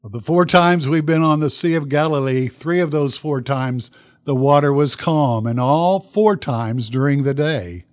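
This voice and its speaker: A pastor preaching a sermon, telling a Bible story dramatically and putting questions to the congregation. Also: male voice, on the high side, unhurried, dry recording, clean studio sound.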